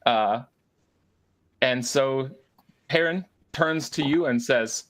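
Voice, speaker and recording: A man runs a tabletop role-playing game, describing the scene at a middling pitch. He hesitates often, restarting sentences and filling pauses as he narrates. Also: fairly bright tone, a little hiss or hum. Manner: hesitant, many fillers and restarts. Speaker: game master.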